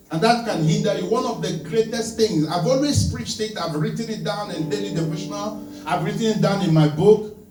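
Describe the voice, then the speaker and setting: High-voiced preaching man, echoey hall. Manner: emphatic call-and-response preaching, demonstrating with helpers. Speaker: pastor. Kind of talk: sermon. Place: church. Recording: echoey church hall from far off, with music. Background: guitar music.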